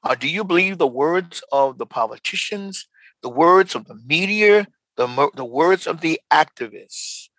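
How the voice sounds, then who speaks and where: A man's voice: fairly high pitch, animated, measured pace, a bit bright, dry recording, rough recording. A man preaching a sermon emphatically, repeating key lines and calling on listeners to respond.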